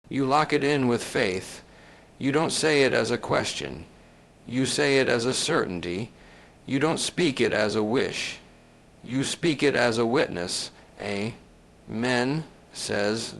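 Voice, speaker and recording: A man giving scripted motivational narration in a solemn, emphatic way, leaning on each phrase with long pauses. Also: mid-range voice, creaky, a bit bright, a little hiss or hum, poor audio.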